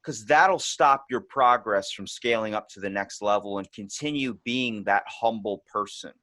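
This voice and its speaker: A man hosting a podcast, telling stories in a casual, animated way with frequent restarts. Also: lowish voice, moderate pace, dry recording. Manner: animated storyteller, restarts often. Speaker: podcast host. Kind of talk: casual conversation.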